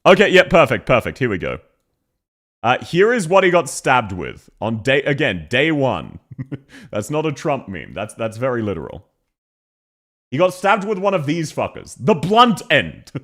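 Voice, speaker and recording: A man's voice: medium pitch, wildly swooping pitch, measured pace, a bit bright. A young man with a Canberra Australian accent, casually chatting on a live stream, laughing and swearing often.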